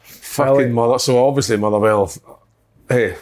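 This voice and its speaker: A man's voice: mid-range voice, moderate pace, a little mellow. A man in casual chat, blunt and sweary.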